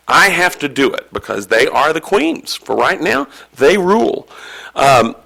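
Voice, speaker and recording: A man serves as pronouncer at a school spelling bee, walking the young spellers through the rules. His voice is gravelly yet bright. He talks in a friendly, joking, reassuring way, slow and deliberate with a few fillers. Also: a little high. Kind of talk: explaining rules to an audience. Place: school event hall.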